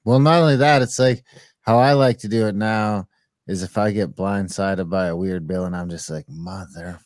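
A man's voice: lowish voice, moderate pace, no echo. A man co-hosting a podcast in loose, profane, rambling chat. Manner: profane, rambling, relaxed storytelling. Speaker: podcast co-host. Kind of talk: casual chat.

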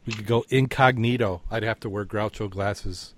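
A man hosting a casual podcast chat, talking in halting stops and restarts and repeating his words as he tells corny jokes. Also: fairly low pitch, slight background noise. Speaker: podcast host.

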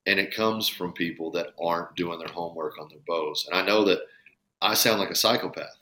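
Bright, forceful, and low, the bowhunter's voice runs at a brisk clip. He's a guest on a casual podcast, talking earnestly and emphatically and cursing every so often.

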